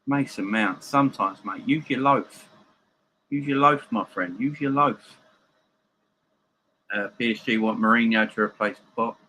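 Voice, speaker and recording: Bright, forceful man hosting a livestream. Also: medium pitch, measured pace, long pauses, slight background noise, rough recording. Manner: chatty, joking banter with viewers. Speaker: host of a live football watchalong. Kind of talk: casual live-stream chat, reading viewer comments.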